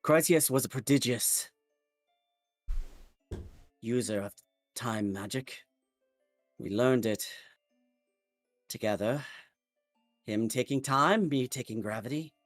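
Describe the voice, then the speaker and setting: A man voicing a stern male wizard who slowly recounts his past in measured phrases with long pauses. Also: mid-range voice, dry recording, clean studio sound, faint music behind, lightly acted. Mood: resolute. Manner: slow, measured storytelling with pauses.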